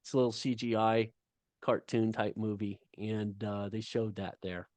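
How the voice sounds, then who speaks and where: A middle-aged man, a guest author, talking casually on a video call, halting often with fillers. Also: fairly low pitch, flat delivery, darkish tone, no room sound. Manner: halting storytelling with many fillers.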